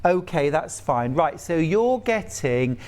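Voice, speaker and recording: A man's voice: a little high, big pitch swings, slow pace, a little mellow. Chatty enthusiastic male shopping presenter. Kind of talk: live sales presentation.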